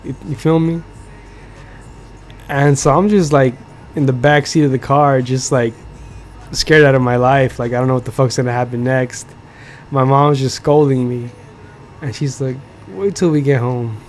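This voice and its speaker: A man's voice: medium pitch, fairly even intonation, normal speed, long pauses, slight background noise. Profane, rambling young man telling a story. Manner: profane, filler-heavy, keeps checking in with "you feel me". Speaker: podcast host. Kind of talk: casual storytelling.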